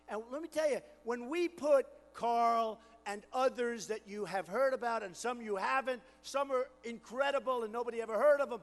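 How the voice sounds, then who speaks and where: A man giving a campaign rally speech, boastful and repetitive, riffing to the crowd and building to shouted crescendos. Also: very high voice, in a large hall. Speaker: political candidate at a rally.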